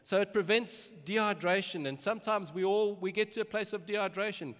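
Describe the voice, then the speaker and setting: A man's voice: sits high, fairly quick, fairly bright tone. A man preaching a sermon as pastor, earnest and emphatic, often repeating words as he starts a phrase. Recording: long hall reverb.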